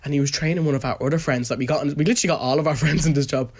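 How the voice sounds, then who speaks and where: A man's voice: a little high, very fast. A young man with an Irish accent, telling stories as a podcast co-host in a casual chat, and putting on voices for the people in them. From Ireland. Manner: animated, does voices of people in his stories.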